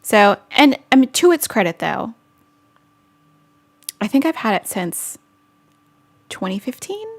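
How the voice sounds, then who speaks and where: A woman's voice: a little high, big pitch swings, unhurried, long pauses. A woman vlogger hosting a casual live-stream chat, chatty and giggly as she answers viewer comments.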